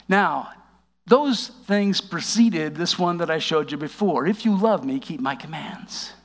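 A man giving a conversational sermon, reading scripture aloud and explaining it with wry asides, slowing down for emphasis. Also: on the high side, lively intonation, big-room sound. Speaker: preacher.

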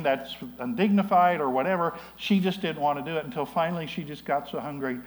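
A man's voice: sits high, rough recording. A man preaching a sermon, telling stories in a conversational way with frequent asides and restarts. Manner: storytelling, conversational with frequent "you know". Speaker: pastor.

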